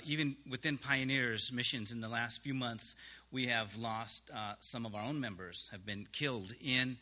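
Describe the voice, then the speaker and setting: Man, missionary, testimony to congregation, bright tone, halting delivery, earnest. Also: medium pitch. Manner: halting, many pauses and restarts.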